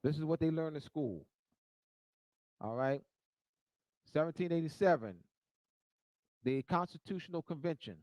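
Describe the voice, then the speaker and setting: A man's voice: lively intonation, unhurried, pauses often, no echo, low-quality recording. A man giving a teaching talk, repeating phrases for emphasis and building in force as he goes. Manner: grows louder and higher toward the end. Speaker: speaker.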